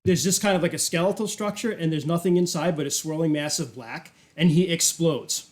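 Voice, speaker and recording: A man's voice: on the high side, a little fast. Man running a tabletop game, casual. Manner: casual, rambling, many fillers. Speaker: game master.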